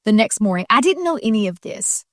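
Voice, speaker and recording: A woman's voice: fairly high pitch, very animated, fairly quick, a bit bright, no echo, clean studio sound. A middle-aged woman telling a personal faith story as a podcast guest, earnest and tumbling, with many restarts and fillers.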